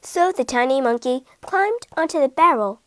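A woman reading an animal story aloud for English learners, in a slow, clear and expressive way. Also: sits high, no echo.

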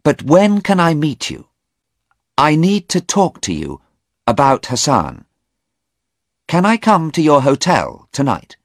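A man voicing a concerned middle-aged woman in an audiobook, raising his voice and speaking gently. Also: a little high, huge pitch swings, takes it slowly, pauses often, no room sound, clean studio sound, voice pushed up, exaggerated voice. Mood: pressing.

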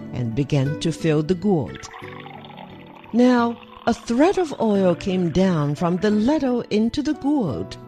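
A storybook narrator telling a tale slowly and deliberately. The voice has a lively, lilting melody. Clear music plays beneath. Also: medium pitch. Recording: music behind.

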